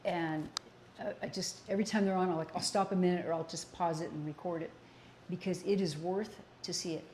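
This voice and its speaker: A woman's voice: lowish voice, steady tone, fairly quick, darkish tone, slight background noise. An older woman co-hosting a casual political talk show, speaking earnestly and repeating points for emphasis. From American Southwest. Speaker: co-host.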